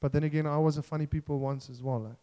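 A man's voice: a little high, steady tone, very fast, dark tone, smooth, big-room sound. A man preaching a sermon in an earnest, self-deprecating way, joking and restarting as he talks.

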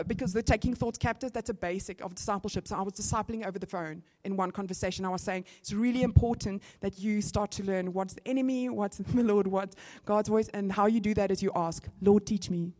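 A woman with a South African accent preaching a testimony sermon and acting out conversations as she tells them. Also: medium pitch. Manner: animated storytelling, acting out conversations. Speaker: church speaker.

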